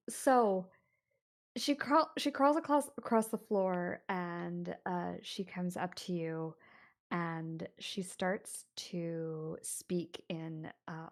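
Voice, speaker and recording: Woman game master, low-ish voice, slow deliberate horror narration. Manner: unhurried descriptive narration with fillers.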